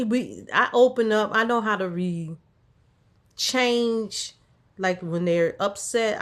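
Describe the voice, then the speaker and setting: A woman with a mid-range, fairly bright voice casually recounts a story from her caregiving job. She quotes herself and a patient back and forth, speaking in an encouraging way with a touch of faith.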